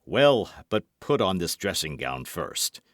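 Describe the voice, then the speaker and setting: A man's voice: big pitch swings, fairly bright tone, dry recording, studio quality, full character voice. A man voicing a grave, phlegmatic musketeer. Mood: calm. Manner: low, measured and composed.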